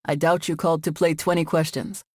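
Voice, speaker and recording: A woman's voice: low-pitched, flat delivery, fairly quick, a little mellow, dry recording, clean studio sound. A woman voicing an easygoing, joking middle-aged man who runs a tech company, in an audiobook.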